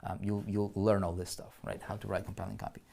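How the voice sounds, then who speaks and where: A man walks listeners through an online marketing lesson on a screen share, thinking aloud and checking in with them often. His lowish voice is fast, creaky and darkish with a level tone, and he frequently restarts and repeats words.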